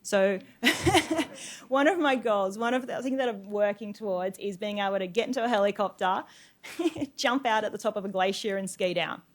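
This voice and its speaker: A young woman speaks into a microphone in a lecture room, chatty and lively. She tells her stories with frequent fillers and quick laughs, pitched in a middle range. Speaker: guest speaker. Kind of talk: informal talk with slides.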